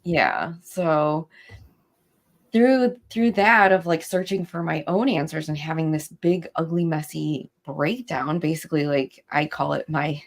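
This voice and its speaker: A young woman recounts a hard stretch of her life in easy podcast talk. Her voice sits a little low, with a gravelly fry, and she slips into lively acted-out quotes of what others said. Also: measured pace. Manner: animated storytelling, acts out quotes. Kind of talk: casual podcast conversation.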